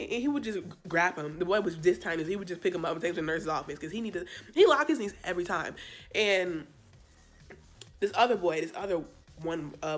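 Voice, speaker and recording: A young woman casually telling a storytime, chatty and animated, with sassy asides to her viewers. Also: lowish voice. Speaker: vlogger. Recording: faint background music.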